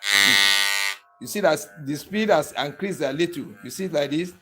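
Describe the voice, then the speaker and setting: Instructor man, a touch high-pitched, patient step-by-step demo that checks in with the viewer constantly. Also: big pitch swings, moderate pace, music in the background. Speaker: barber tool instructor. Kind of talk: hands-on tutorial demonstration.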